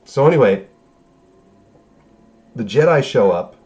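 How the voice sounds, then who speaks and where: A man's voice: mid-range voice, expressive, unhurried, darkish tone, highs cut off. A man giving a casual recap of a show episode, profane and sarcastic, breaking into incredulous outbursts. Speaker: show reviewer.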